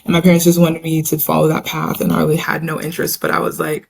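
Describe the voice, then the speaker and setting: A young woman in a casual interview, talking about her experiences in a chatty, animated way, acting out quotes as she goes. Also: lowish voice, fairly quick, vocal fry, breathy edge. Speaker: interview guest, Olympic hammer thrower.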